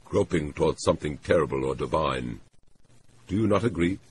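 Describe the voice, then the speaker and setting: A man's voice: extremely low pitch, expressive, brisk, a little hiss or hum. A man voicing a formal, anxious middle-aged trade official who speaks in stiff, overly polite phrasing. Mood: formal, musing.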